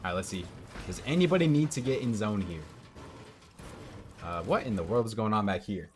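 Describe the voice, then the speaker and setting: A man's voice: lowish voice, expressive, fairly quick, a little mellow, a little hiss or hum. A young man streaming from home into a headset mic, casually commenting on a match and answering chat. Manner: chatty, reads out and answers chat.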